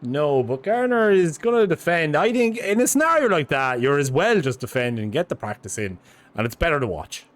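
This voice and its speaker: Slightly high-voiced male co-commentator. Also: big pitch swings, fairly quick. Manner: bantering, laughs easily. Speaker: race co-commentator. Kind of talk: casual live commentary banter.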